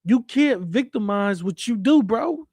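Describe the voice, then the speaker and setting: A man delivers a heated, rambling rant, repeating himself and swearing as he trash-talks. His voice sits a bit higher than most men's. The sound is close and completely dry. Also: lively intonation, a little slow, a little mellow, dry recording. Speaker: commentary streamer. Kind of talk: ranting commentary.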